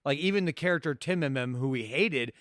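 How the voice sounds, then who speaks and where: A man's voice: on the high side, lively intonation, fairly quick, a bit bright, no echo, clean studio sound. A man co-hosting a podcast, joking and swearing casually about a TV show. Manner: joking, swears, breaks into silly voices. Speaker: podcast co-host. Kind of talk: casual chat recapping a TV show.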